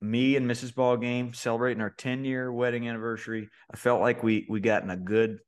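A man, co-hosting a podcast and telling a story in a relaxed way, with lots of fillers and restarts. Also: mid-range voice, a little fast. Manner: laid-back storyteller, many fillers and restarts. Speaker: podcast co-host. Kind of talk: casual podcast chat.

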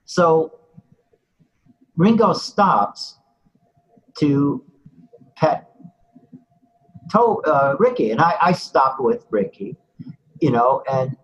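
A man's voice: a little high, animated, drawn-out words, pauses often, husky, poor audio. An older man being interviewed who tells a story in a rambling, casual way, full of "you know" asides.

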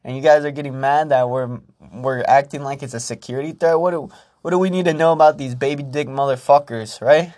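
A man putting on the voice of a sarcastic, indignant male government spokesman, cursing in an exaggerated, high, loud voice. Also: brisk, natural voice.

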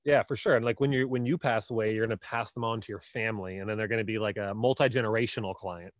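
A man co-hosting a business podcast, a relaxed coach telling client stories in casual chat. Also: fairly low pitch, quick pace, dry recording.

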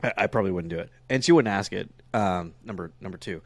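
A man's voice: deep voice, quick pace, dry recording. A young man in casual podcast chat, crude and joking, often cursing. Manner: crude, joking, jumps into loud mock voices. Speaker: podcast co-host.

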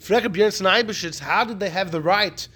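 Animated high-voiced man lecturing. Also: moderate pace, husky. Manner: animated, repeats key points, answers student interruptions. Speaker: Torah class teacher. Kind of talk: Talmudic lecture.

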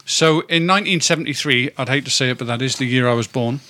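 A man's voice: medium pitch, fast, pushed and bright, no room sound. A man in his fifties, co-hosting a podcast in casual chat, rambling, tripping over words and swearing now and then. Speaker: podcast co-host.

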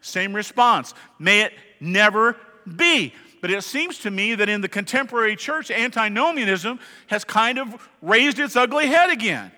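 A man with a high, bright voice preaches a sermon to his congregation, talking conversationally and pressing points with emphasis. He keeps asking the listeners questions. His voice rings with the long reverb of a large church hall. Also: lively intonation, moderate pace, few pauses. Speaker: pastor. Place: church sanctuary.

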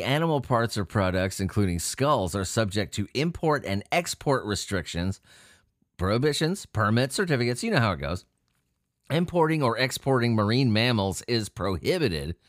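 A man reads strange news items aloud and riffs on them between sentences. He swears freely and keeps laughing, and his pitch swings up and down a lot. The recording is dry and close to the mic. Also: no echo. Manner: profane, joking, laughs through the reading. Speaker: host reading odd news stories. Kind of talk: casual solo commentary on news.

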